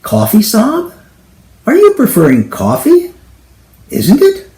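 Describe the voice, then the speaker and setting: A man voicing a cheerful, pushy Indian tea seller in a high, sing-song hawker call with a put-on Indian English accent. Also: huge pitch swings, slow, mellow, echoey room, heavily acted. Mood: wheedling.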